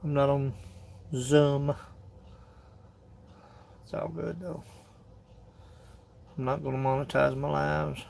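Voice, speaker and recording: A man with a drawl and a deep gravelly rasp rambles folksily through a phone livestream. His voice sits a little high for a man. Faint noise hums in the background. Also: flat delivery, slow pace, pauses often, darkish tone. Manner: folksy, rambling, laughs often. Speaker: livestream host. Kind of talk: casual livestream chat.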